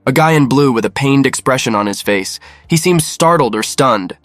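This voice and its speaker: Dry, even-voiced male narrator. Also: medium pitch, normal speed, no room sound. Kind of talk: scripted narration.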